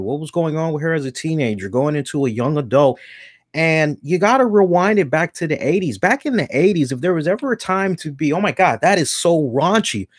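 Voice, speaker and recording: A man with a slightly raised pitch hosts a casual talk show. He talks bluntly and animatedly, swears freely and hiccups now and then after a beer. The sound is dry and close. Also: dry recording. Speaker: podcast host. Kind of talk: casual commentary.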